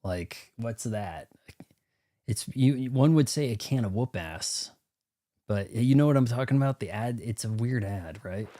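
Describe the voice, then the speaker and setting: A man's voice: medium pitch, expressive, measured pace, warm tone. A man streaming a video game, talking casually and rambling while joking and muttering to himself. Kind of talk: casual gameplay commentary.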